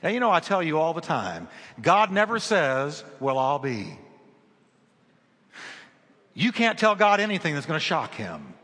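A man with a slightly high voice preaches at a moderate pace, his sermon echoing through a reverberant hall. He's an animated storytelling pastor who repeats phrases to drive them home.

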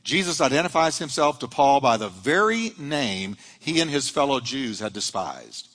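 A man's voice: mid-range voice, sing-song, normal speed, few pauses, a bit bright, big-room sound. A male pastor preaching a sermon to his church, rising and dropping dramatically as he drives his points home.

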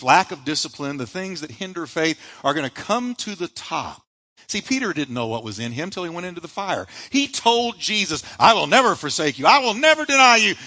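A man's voice: on the high side, bright, forceful tone. A man preaching a sermon as pastor, building with emphatic repeated refrains and rising bursts. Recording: live church sermon audio.

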